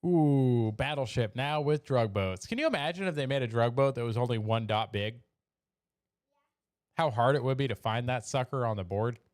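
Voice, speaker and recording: Chatty streamer man, smooth voice. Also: medium pitch, expressive, fairly quick, no echo. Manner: laughing, chatty, addresses chat. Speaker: livestream host. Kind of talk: casual live commentary. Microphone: desk mic, streaming.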